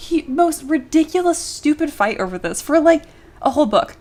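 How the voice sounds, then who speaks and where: A woman streamer chatting casually during a livestream and reading viewer comments aloud, animated and full of filler words, often giggling. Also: high voice, a little fast. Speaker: streamer and miniature sculptor.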